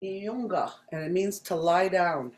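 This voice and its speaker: Slow, patient language teacher in an echoey room. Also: mid-range voice. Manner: repeats each word slowly and deliberately, patient explaining. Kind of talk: slow spoken language lesson.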